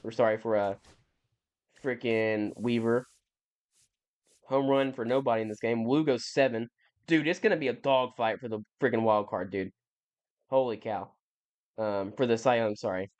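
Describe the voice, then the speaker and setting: A man's voice: mid-range voice, moderate pace, long pauses, a little mellow. A young man giving casual, rambling commentary over a video game, often correcting himself and sounding mildly exasperated. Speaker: gaming YouTuber.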